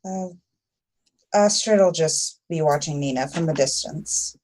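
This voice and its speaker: Lower-pitched woman asking questions. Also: measured pace, darkish tone, slight background noise. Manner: curious, probing questions. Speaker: player. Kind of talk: casual in-character chat.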